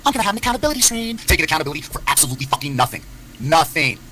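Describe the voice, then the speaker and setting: A man delivering an angry, profane callout on a livestream, swinging between shouted lines and low muttering. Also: sing-song, a little hiss or hum, rough recording. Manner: angry, profane rant with rapid pitch swings.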